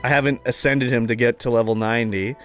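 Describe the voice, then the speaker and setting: A man's voice: medium pitch, steady tone, quick pace, soft background music. A Canadian man with a Canadian accent chatting casually while streaming a game, joking and dropping profane asides.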